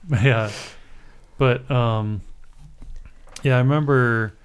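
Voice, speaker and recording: A man's voice: medium pitch, fairly even intonation, takes it slowly, clean tone. A man co-hosting a podcast in casual chat, often hesitant as he pieces his memories together. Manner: hesitant, many fillers and restarts.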